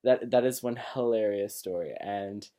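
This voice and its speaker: A man's voice: lowish voice, normal speed. Young dude telling a story on his vlog, lots of "like", laughs a bunch. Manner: animated, laughing, lots of fillers. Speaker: vlogger. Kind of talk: casual storytelling.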